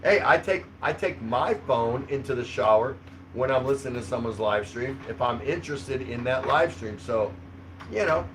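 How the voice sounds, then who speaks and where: Male livestream host, casual and chuckling, middle pitch, light background hiss. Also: animated, normal speed, fairly bright tone, poor audio. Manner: rambling, chuckling, easygoing. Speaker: livestream host reading chat. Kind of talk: casual live chat. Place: home in the Philippines.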